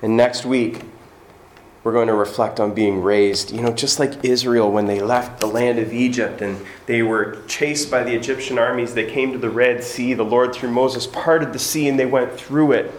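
A man's voice: medium pitch, fairly even intonation, moderate pace, slight background noise. A man preaching a sermon as pastor in a church, emphatic and repetitive, with joking asides. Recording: echoey church room.

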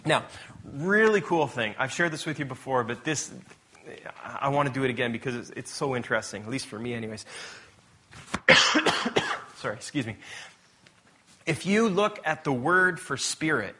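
A pastor giving a sermon in a relaxed, conversational way, often restarting his sentences and correcting himself as he tells stories. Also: mid-range voice, moderate pace, pauses often, slightly rough.

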